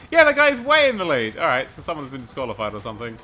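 Brief: male let's-player, animated delivery, slightly high voice, out of breath and cursing at rivals. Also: fast talker, slight background noise. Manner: excitable, sweary, rambling and self-mocking. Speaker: gaming commentator. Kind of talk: let's play commentary.

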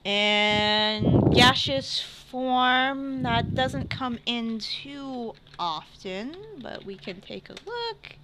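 A woman voicing a polite female potion shopkeeper in a tabletop game, giving courteous sales patter with hesitant pauses. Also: a little high, lively intonation, very noisy. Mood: helpful. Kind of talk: tabletop game role-play.

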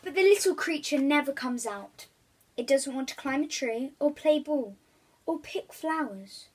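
A woman reading a picture book aloud to young children, gentle and chatty with her viewers. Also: high-pitched, lively intonation, a little slow.

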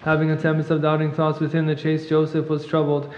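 Guy rattling off church chant super fast, flat one-note, big echoey church. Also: a little high. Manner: fast monotone recitation, clears throat at times. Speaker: reader at a monastery service. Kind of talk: rapid liturgical chant reading. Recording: echoey church, long reverb, muffled.

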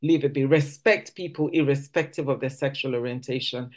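A woman from Nigeria talks briskly in a rumbling low voice with fairly even intonation. She is delivering a conversational teaching talk at a church service, restarting sentences often and acting out quoted speech.

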